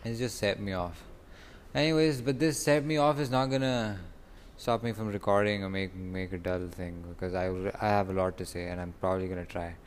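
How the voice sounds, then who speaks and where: A man's voice: on the low side, fairly quick, slight background noise. A young man in pain telling a rambling, frustrated casual vlog from outside his home. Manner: rambling, frustrated, stopping to groan. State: in stomach pain. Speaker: vlogger. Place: outdoors away from home. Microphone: phone recording app.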